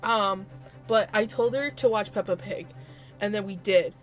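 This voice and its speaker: A woman's voice: mid-range voice, a little slow, soft background music. A woman streaming, chatting casually in a rambling, chatty way and laughing often. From United States. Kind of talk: casual chat while playing a game.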